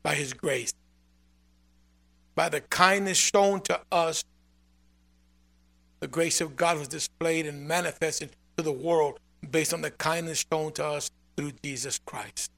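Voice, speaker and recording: A man preaching a sermon as pastor, emphatic and repetitive, with sudden loud swells. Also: a little high, gravelly.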